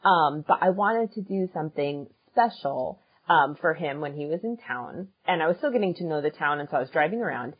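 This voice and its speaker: Lively low-voiced woman telling a story. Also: fairly quick, hardly any pauses, husky, lo-fi sound. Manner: animated, laughs often, many fillers. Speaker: podcast co-host and musician. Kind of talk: casual storytelling chat.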